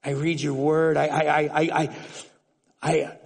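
A man preaching a sermon in an animated way, often restarting words and swinging between loud, emphatic lines and hushed ones. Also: a little high, a little slow, gravelly, big-room sound. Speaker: pastor.

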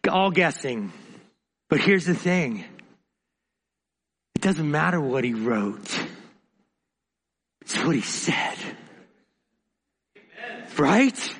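A man preaching a sermon, dramatic, swinging between emphatic lines and quiet, hushed asides. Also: on the high side, big pitch swings, drawn-out words, pauses often, breathy edge, in a large hall.

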